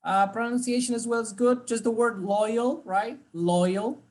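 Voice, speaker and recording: A man teaching English, giving encouraging feedback and drilling pronunciation slowly. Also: very high-pitched, steady tone. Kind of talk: online class feedback.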